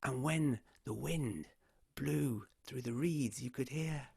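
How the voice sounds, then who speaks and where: A man telling a folk tale aloud, animated and swinging between loud and hushed delivery. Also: medium pitch, slow, vocal fry, hardly any pauses, breathy edge. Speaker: storyteller. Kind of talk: oral folk storytelling.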